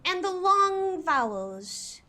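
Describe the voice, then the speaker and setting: A prim, proper English lady in a posh British accent, as a woman streamer puts it on. She goes slowly and over-enunciates every consonant and long vowel. Her high, bright voice swoops up and down. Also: very animated, exaggerated voice. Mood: earnest. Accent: put-on posh British (received pronunciation). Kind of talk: live game stream, accent challenge.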